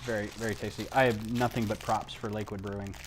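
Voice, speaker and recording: A man hosting a casual livestream from home, rambling onto tangents, losing his thread and filling pauses with ums. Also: fairly low pitch, level tone, background noise. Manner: frequent ums and restarts. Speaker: livestream host. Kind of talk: casual chat while building.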